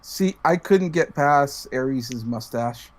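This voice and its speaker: A man's voice: medium pitch, slow pace. A man co-hosting a casual podcast chat, giving laid-back opinions with some hesitation. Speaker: podcast co-host.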